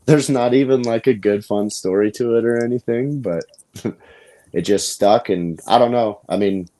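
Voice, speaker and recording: A man's voice: mid-range voice, moderate pace, mellow. A man from Colorado, a grappling coach, chatting easygoingly as a podcast guest. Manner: laid-back, easygoing. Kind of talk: casual podcast chat.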